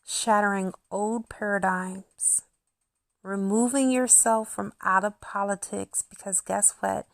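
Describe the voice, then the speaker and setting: A woman's voice: mid-range voice, a bit bright, dry recording, clean studio sound. A woman in her thirties, a spiritual channel host, talking intimately to her viewers and acting out quotes as she tells a story. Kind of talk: casual monologue to viewers.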